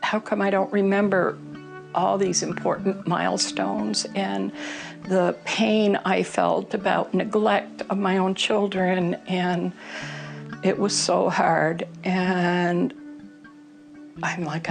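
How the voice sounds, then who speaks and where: A woman's voice: lowish voice, level tone, slow pace, gravelly, music in the background. A middle-aged woman telling her personal recovery story in an interview, candid and emotional, with many fillers.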